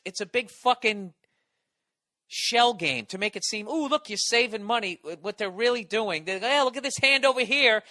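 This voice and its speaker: Man, podcast host, bright forceful voice, fairly high, profane exasperated ranting, dry close mic. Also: no echo. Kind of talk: comedic rant monologue. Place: Los Angeles.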